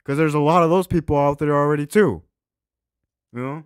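A man hosting a reaction video, ranting with crude, sarcastic mockery and swinging between loud outbursts and low mumbles. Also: fairly even intonation, a little fast, long pauses, smooth, no room sound, clean studio sound. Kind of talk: profane ranting reaction commentary.

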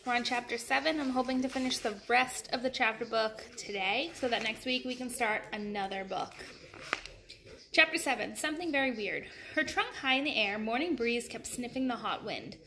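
A woman reading a children's chapter book aloud in a friendly, expressive way. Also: fairly high pitch, moderate pace, vocal fry. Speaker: storybook reader.

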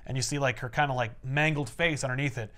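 A man's voice: medium pitch, steady tone, quick pace, fairly bright tone. A man co-hosting a podcast, casually recapping a comic with rambling filler-heavy narration and wry asides.

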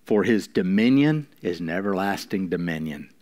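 A man pastor preaching a sermon, slowing down for emphasis and dropping to quiet, intimate lines between louder emphatic ones. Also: deep voice, animated. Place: church.

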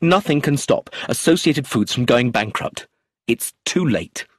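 Narrator as a flustered, emphatic man, a bit louder, storybook. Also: medium pitch, measured pace, breathy edge, no echo, clean studio sound, pitched above the performer's own voice. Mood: agitated. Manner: excited, emphatic. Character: excitable, flustered middle-aged man.

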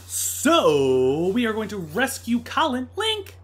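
A man hosting a let's play, commenting live on his gameplay with loud exclamations and groans. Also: sits high, big pitch swings, normal speed, breathy edge.

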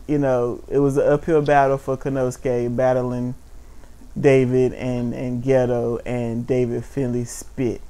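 A man's voice: mid-range voice, flat delivery, a little slow, mellow, clear, resonant tone. A man co-hosting a casual wrestling chat, blunt and mocking, with frequent swearing. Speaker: podcast co-host.

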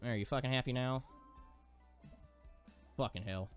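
A man's voice: mid-range voice, a little slow, faint music behind. A man commentating his gameplay, exasperated, swearing and ranting at the game. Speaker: gaming streamer.

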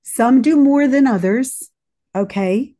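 A woman cohost in a casual faith conversation, speaking very slowly and deliberately. Her voice sits a little high yet sounds mellow, and she breaks into short laughs. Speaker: cohost, hairdresser.

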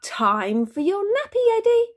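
A woman's voice: very high-pitched, big pitch swings, unhurried, pitched above the performer's own voice, exaggerated voice. Woman doing a singsong cheery dad. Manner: singsong, coaxing calls. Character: cheery harried dad chasing his toddler.

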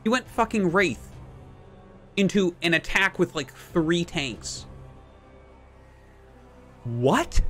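High-pitched guy streamer raging over his game, cussing a lot. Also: big pitch swings, takes it slowly, pauses often, fairly bright tone, faint music behind. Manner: ranting, heavy swearing, insults opponents and chat. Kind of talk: live gameplay commentary.

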